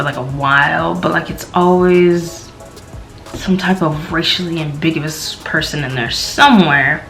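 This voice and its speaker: A woman's voice: fairly bright tone, rough recording. A young woman from the American South with a light Southern accent, casually reviewing a TV episode in a rambling way with many fillers. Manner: rambling, filler-heavy, slow and low-key. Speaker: TV show reviewer.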